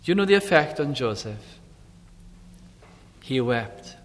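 A man's voice: mid-range voice, very animated, measured pace. A man preaching a sermon, reading scripture aloud and then retelling it in plain, conversational words. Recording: long hall reverb.

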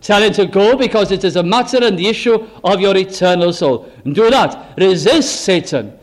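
A man preaching an evangelistic sermon in a notably high voice. He leans hard on rhetorical questions and swings dramatically from lifted, bright phrases down to low, hushed ones. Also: a little fast. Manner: emphatic, full of rhetorical questions, swooping between high and low.

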